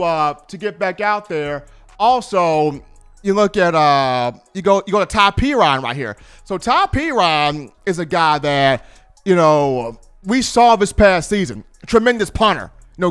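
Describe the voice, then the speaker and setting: Casting: male commentator, high-pitched, smooth, clear voice, lively storyteller. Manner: animated storyteller, colloquial. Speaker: sports commentator. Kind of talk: casual sports commentary.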